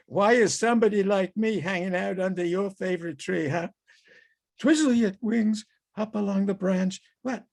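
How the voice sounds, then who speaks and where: A man reading his own fiction aloud over a video call as a halting, musing first-person character monologue. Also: sits high, creaky, darkish tone. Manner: halting, musing, talks to animals and people in the scene.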